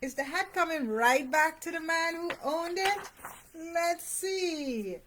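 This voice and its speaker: A woman's voice: very high voice, animated, slow pace, fairly bright tone, a little hiss or hum. A woman reading a picture book aloud to young children, sing-songing the rhymes and stopping to ask the little listener questions. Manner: sing-song reading of rhymes and sound words; addresses parents directly with encouragement.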